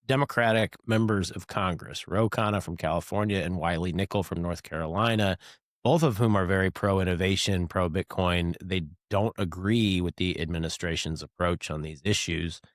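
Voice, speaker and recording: Low-voiced man hosting a casual podcast. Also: normal speed, no room sound, studio quality. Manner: relaxed, chuckling, many fillers. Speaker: podcast host.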